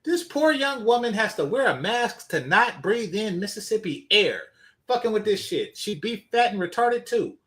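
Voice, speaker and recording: A man's voice: sits high, very animated, moderate pace, a bit bright. A man hosting a reaction commentary, blunt, profane and scornful as he reads comments. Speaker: commentary channel host.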